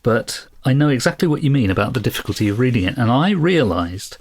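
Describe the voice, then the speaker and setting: A man's voice: medium pitch, sing-song, fast. A man co-hosting a casual book podcast. He talks thoughtfully and at length, often poking fun at himself. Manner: thoughtful, self-deprecating, explains at length. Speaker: podcast co-host.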